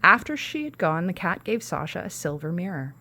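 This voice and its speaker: Brief: woman host narrating a kids' story, low voice with a gravelly edge, casual asides. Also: very animated, a little fast, pushed and bright. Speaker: podcast host. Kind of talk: reading a children's storybook aloud.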